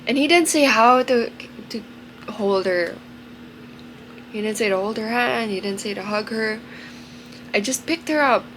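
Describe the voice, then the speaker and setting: A tearful young woman in a confessional vlog, speaking haltingly with emotion and trailing off into soft murmurs. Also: a little high, a little hiss or hum, low-quality recording. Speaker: vlogger.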